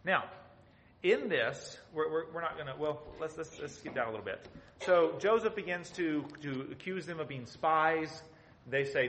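A man's voice: a little high, moderate pace, fairly bright tone, reverberant, slight background noise, poor audio. A man teaching a Bible study, speaking emphatically and asking his listeners rhetorical questions.

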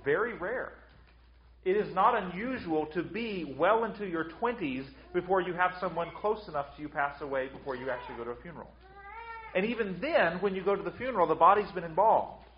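A man's voice: high-pitched, echoey room, muffled recording. A man preaching a sermon with emphatic delivery, often repeating words as he restarts. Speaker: pastor.

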